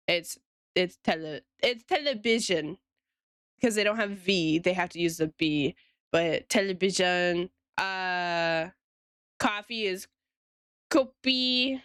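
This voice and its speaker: A woman's voice: medium pitch, fairly bright tone, smooth, no echo. Woman, streamer, casual drawing-stream chat, giggly, talks to chat, close dry sound.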